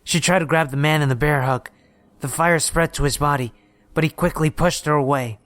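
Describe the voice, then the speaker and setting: A man reading a horror story aloud in steady, measured scripted narration. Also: a little high, no room sound.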